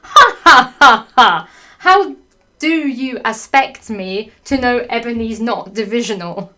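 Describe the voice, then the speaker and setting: A woman putting on an old male headmaster wizard who mocks with a loud cackling laugh, in a comedic reading. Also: a little high, measured pace. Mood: mocking.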